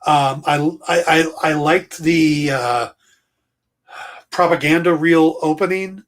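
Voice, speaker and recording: A man co-hosting a podcast, chatting casually in a relaxed, slightly hesitant way. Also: fairly high pitch, slow. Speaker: podcast co-host. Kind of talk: casual chat.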